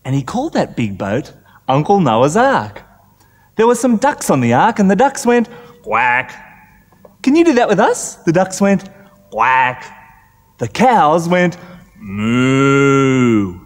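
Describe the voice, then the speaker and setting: A man's voice: sits high, sing-song, moderate pace, a little mellow, in a large hall. Australian man telling a kids' story. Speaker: children's TV storyteller. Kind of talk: storytelling to children with animal sounds.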